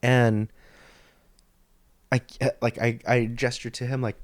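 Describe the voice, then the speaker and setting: A man's voice: medium pitch, little pitch movement, slow pace, no room sound. Rambling, profane man, dry close mic. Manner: rambling, profane, stop-start delivery. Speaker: podcast host. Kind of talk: casual storytelling monologue. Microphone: studio microphone.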